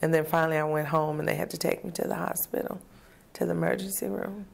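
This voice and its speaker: A woman's voice: deep voice, fairly even intonation, quick pace, gravelly. A woman guest recounting her past in an interview, a vivid storyteller who acts out the voices of people she quotes. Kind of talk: personal testimony in an interview.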